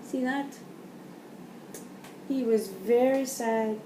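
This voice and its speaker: A woman reading a picture book aloud to children, pausing to point at pictures and explain words. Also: on the high side, dark tone. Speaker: storyteller. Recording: roomy, from a distance, faint background noise.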